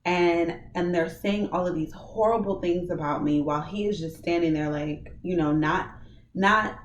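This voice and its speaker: A woman telling a dream and preaching in a casual, animated way, acting out her own lines of dialogue. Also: lowish voice, moderate pace, roomy sound, recorded from a distance, lo-fi sound. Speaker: ministry vlogger.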